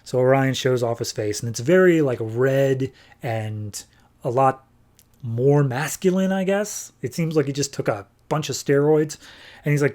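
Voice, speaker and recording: A man's voice: mid-range voice, measured pace, darkish tone. A man hosting a podcast, retelling a comic book in a loose, chatty way. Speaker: podcast host. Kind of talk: casual comic book recap.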